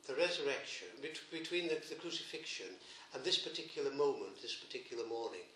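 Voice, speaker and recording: Man, priest, storytelling sermon, lively pitch, bright tone, echoey church, faint room noise. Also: a little fast. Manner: gentle storytelling, emphatic repetitions.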